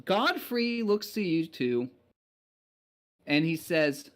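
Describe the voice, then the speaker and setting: Male game master, casual rambling narration, fairly high voice. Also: sing-song, slow, pauses often. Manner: casual, rambling with many fillers.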